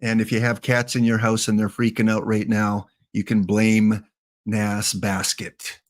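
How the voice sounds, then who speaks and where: A man's voice: fairly low pitch, monotone, unhurried, slight background noise. A man streaming a baseball sim game, chatting casually, joking and thanking viewers as he plays. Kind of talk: casual live-stream chat while playing.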